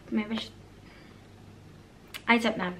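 A woman's voice: fairly high pitch, fairly even intonation, measured pace, noisy background. A British woman vlogging a casual haul, chatty and rambling, often drifting off topic. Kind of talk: casual haul vlog chat.

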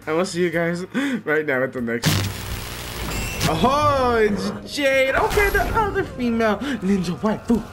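A man giving casual, excitable commentary on his own gameplay, swearing, laughing and yelping at the action. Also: high voice, measured pace. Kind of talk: casual let's-play commentary. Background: game music and sound effects.

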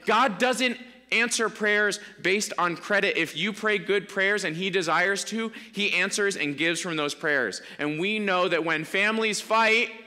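Animated male pastor in a reverberant church. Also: a little high. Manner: conversational, animated preaching with many "like" fillers. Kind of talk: sermon. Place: church sanctuary.

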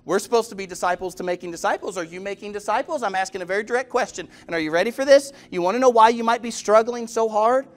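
A man's voice: sits high, fast, hardly any pauses. A male pastor preaching a sermon in a direct manner, putting questions to the congregation and acting out the people in his stories. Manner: storytelling, acts out quoted voices. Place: church.

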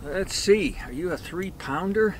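A man narrating his fishing trip from a boat in a relaxed, easygoing way, sometimes talking to the fish he catches. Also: high voice. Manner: slow, easygoing, talks to the fish. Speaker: fishing vlogger. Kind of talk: casual on-the-water narration. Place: on a boat on a river. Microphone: action camera. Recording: boat and water noise.

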